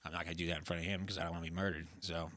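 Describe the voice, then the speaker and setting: A man's voice: deep voice, level tone, rapid-fire, pushed and bright, dry recording, studio quality. A young man co-hosting a podcast, talking casually in long sweary rants and mimicking people as he tells stories. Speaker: podcast co-host. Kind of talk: casual chat.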